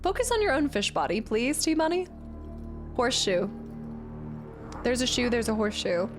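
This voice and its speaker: A woman's voice: a little high, very animated, normal speed. A woman streaming a video game, chatting playfully and silly with her viewers while she plays. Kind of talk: casual live-stream commentary. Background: game music.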